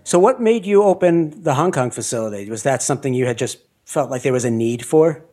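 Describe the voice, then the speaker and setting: A man hosting an interview podcast, talking in an animated way and laughing often. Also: mid-range voice, fairly quick. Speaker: podcast host. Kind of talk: conversational interview.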